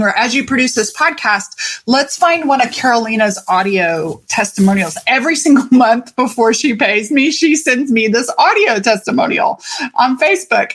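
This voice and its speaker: Chatty woman podcast host. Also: fairly high pitch. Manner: energetic, chatty, swears freely. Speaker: podcast host and life coach. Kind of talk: casual podcast monologue.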